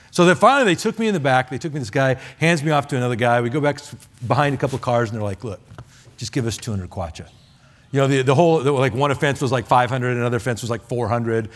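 A man preaching a sermon as a missionary, telling stories in a chatty, animated way with many fillers. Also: mid-range voice. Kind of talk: sermon with storytelling. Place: church sanctuary.

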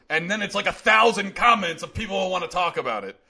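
A man's voice: fairly high pitch, expressive, fast talker, hardly any pauses, pushed and bright. Man hosting a rambling opinion show. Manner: rambling, conversational, many restarts. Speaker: commentary show host. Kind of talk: solo opinion commentary.

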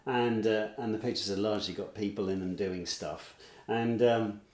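A man's voice: lowish voice, steady tone, moderate pace, a little mellow. A man telling a meandering story in casual chat, with many restarts. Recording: roomy echo.

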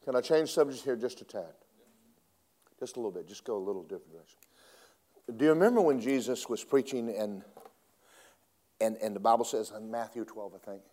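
A man preaching a sermon, swinging between loud emphatic lines and hushed asides. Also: medium pitch, expressive, fast talker, pauses often.

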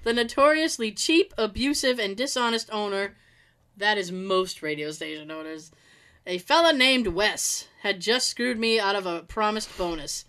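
A woman's voice: mid-range voice, expressive, normal speed, fairly bright tone. A woman reading work stories aloud in a casual way, laughing often and adding quips between them. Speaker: storyteller reading listener stories. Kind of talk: casual story reading with asides.

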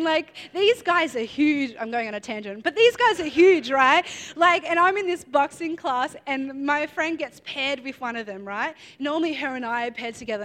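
A woman's voice: high-pitched, fairly bright tone. A young woman in her twenties giving a sermon, telling a personal story in a chatty way with many fillers and asides. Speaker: preacher.

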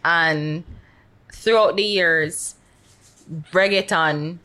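A woman co-hosting a casual podcast interview, speaking in a thoughtful, measured way. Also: lowish voice, sharp tone. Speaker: podcast co-host.

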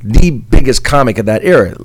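A man's voice: medium pitch, expressive, a little fast, slightly rough, poor audio. A man with a mid-range voice, talking casually at length. He explains and lectures in an easy way and leans on you-knows. He has written a book and booked comics. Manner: explanatory, lecturing, with many 'you know' fillers. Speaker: comedy club manager and author. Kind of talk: casual conversation.

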